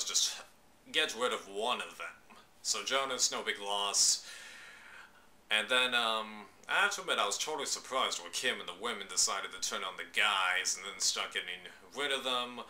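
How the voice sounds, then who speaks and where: A man talks through his opinions in a loose, slangy vlog, breaking into excited exclamations now and then. His voice sits a little low but comes across very bright and sharp-edged. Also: normal speed. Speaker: vlogger reviewing a reality show.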